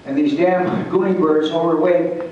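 A retired Air Force pilot, an older man, entertains a meeting audience with folksy, salty stories, restarting and chuckling along the way. His voice runs on the high side, fairly even and a little mellow, at normal speed. Captured lo-fi from afar in a large historical society hall, the sound is very echoey with slight background noise.

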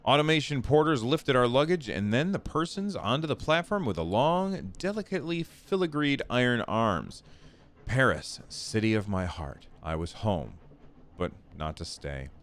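A man's voice: medium pitch, very animated, moderate pace, a bit bright. A man hosting a gaming video, reading a text game aloud and chatting, stumbling over words and joking about himself. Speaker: gaming channel host.

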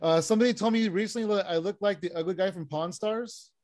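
High-voiced man doing deadpan stand-up. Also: quick pace. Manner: deadpan one-liners with frequent uh fillers. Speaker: stand-up comic. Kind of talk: stand-up set over video call. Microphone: video call.

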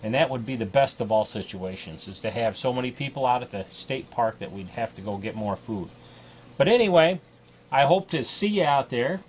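A chatty American man hosting a public-access fishing show for kids. He talks in a folksy, rambling way, full of uhs and restarts, at an ordinary pitch. A faint hiss sits under his voice. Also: animated, normal speed. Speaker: host of a kids' fly fishing show. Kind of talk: casual talk to camera. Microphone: TV studio microphone.

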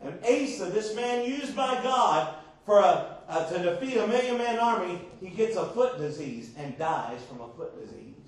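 A man's voice: high voice, very animated, normal speed. A man preaching a sermon as pastor, emphatic, often asking the congregation rhetorical questions. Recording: far-off echoey church recording.

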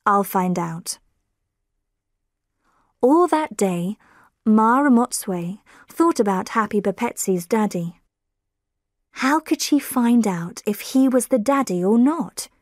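Slow, clear woman storyteller. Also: a little high, lively intonation, darkish tone, no echo, clean studio sound. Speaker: narrator. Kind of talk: graded reader narration for learners.

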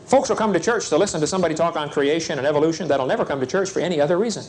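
A man's voice: on the high side, rapid-fire. A man preaching to young people at a seminar, folksy and urgent, acting out little scenes as he talks. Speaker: evangelist speaker.

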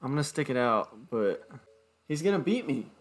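A man's voice: mid-range voice, big pitch swings, normal speed. A young man commentating his own gameplay, exasperated, swearing and groaning at his bad luck. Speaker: gaming YouTuber.

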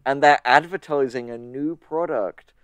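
A man's voice: medium pitch, unhurried, a bit bright, clear, resonant tone, dry recording. Man casually recapping a cartoon episode. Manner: rambling, laughing, quotes characters in put-on voices. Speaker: podcast co-host recapping episodes.

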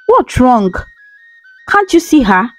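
A woman's voice: high-pitched, very animated, slow, dry recording, soft background music, full character voice. Woman doing a stammering frightened husband. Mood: scared. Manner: stammering, nervous. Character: frightened married man, stammering.

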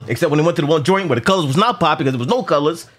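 A man chatting casually in a movie review, animated and profane, often repeating words and acting out lines from the film. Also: a little high, racing.

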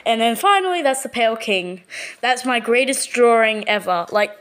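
Australian woman, highish voice, casual art-showcase voiceover, hesitant, repeats words, lots of ums. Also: expressive, normal speed, a bit bright, clean tone. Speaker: channel owner. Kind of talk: casual voiceover showing her artwork.

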